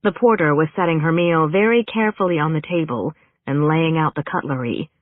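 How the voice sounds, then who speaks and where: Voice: mid-range voice, brisk, dry recording. An audiobook narrator reading a story with wry, dry humor. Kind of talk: scripted narration. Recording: narrow phone-like band, dry.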